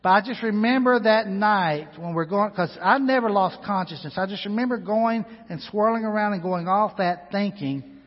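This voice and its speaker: A man with a fairly high, husky voice preaches a sermon in a church sanctuary, dropping to quiet, intimate asides and then climbing into loud, ringing exhortation. His voice trails off into a long hall reverb, and the recording sounds dull and lo-fi. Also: normal speed. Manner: swings between hushed, intimate asides and loud, rising exhortation. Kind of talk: sermon with personal storytelling.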